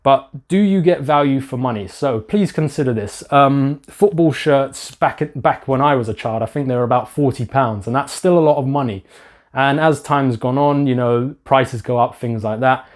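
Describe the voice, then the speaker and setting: A man giving a casual product review, hesitant, with many pauses and restarts and some self-deprecating asides. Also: mid-range voice. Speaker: YouTuber reviewing a football shirt.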